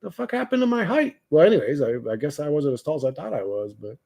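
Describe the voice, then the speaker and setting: A man with a somewhat high, husky voice rants casually to a live chat. He swears freely, mocks, and laughs often. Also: very animated, fast talker, a little mellow. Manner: profane, mocking, laughs often. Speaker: livestream host reading chat.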